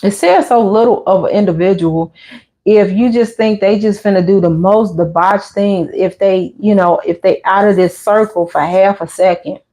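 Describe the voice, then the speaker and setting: A woman's voice: mid-range voice, normal speed. Chatty woman livestream host telling stories. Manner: chatty storytelling with lively voiced asides. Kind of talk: casual chat reading live comments.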